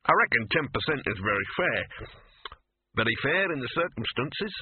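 A man's voice: medium pitch, animated, normal speed, a little hiss or hum, pitched above the performer's own voice, lightly acted. A man voicing a scruffy, cynical talking male dog with a smug, streetwise manner. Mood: scheming. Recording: narrow phone-like audio.

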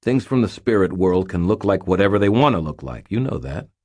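A man voicing a tall, strong young man who is stern and suspicious, speaking forcefully. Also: low-pitched, very animated, a little fast. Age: young adult.

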